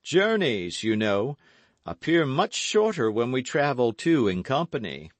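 A man voicing a vain, boastful musketeer who speaks in a grand, declamatory way, pitched well above his own voice. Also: sing-song, measured pace, no echo. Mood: melancholy.

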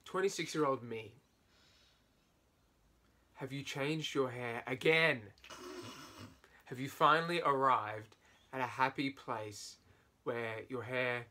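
A man in his twenties chatting casually with a friend, playful and teasing, with animated asides. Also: mid-range voice, takes it slowly, pauses often. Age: 20s. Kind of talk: casual chat between friends.

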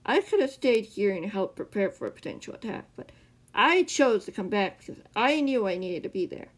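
A woman's voice: medium pitch, sing-song, normal speed. A tired, stubborn teenage boy who answers firmly and defiantly, read by a woman narrator. The voice moves up and down a lot. It stays close to an ordinary speaking voice. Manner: defiant, stern.

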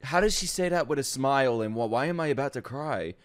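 A man hosting an anime reaction video in casual commentary, swinging between loud outbursts and hushed murmurs. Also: medium pitch, expressive, quick pace. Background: faint anime soundtrack music.

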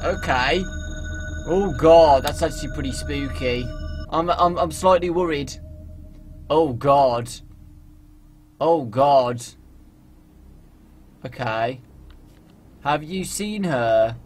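A young man from England doing jokey, animated let's play commentary as a gaming video host, often yelling at the game. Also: fairly high pitch, slow, pauses often, faint music behind.

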